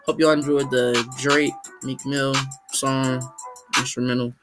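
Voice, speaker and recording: A young man hosting a video, giving casual reaction commentary in slangy, excitable chatter. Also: medium pitch, unhurried, over music. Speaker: video host reacting to animations.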